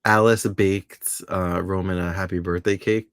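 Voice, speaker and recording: A man with a very low, deep voice, recapping soap episodes in a relaxed, chatty way. He laughs often and slips into playful voices when quoting characters. The sound is close and dry, with almost no room around it. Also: a little slow, clean tone, dry recording. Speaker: podcast co-host. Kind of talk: casual chat recapping a soap opera.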